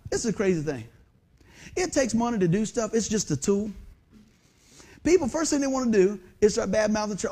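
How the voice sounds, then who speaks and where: A middle-aged man preaching a sermon, folksy and animated, full of rhetorical questions. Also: extremely high pitch. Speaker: pastor.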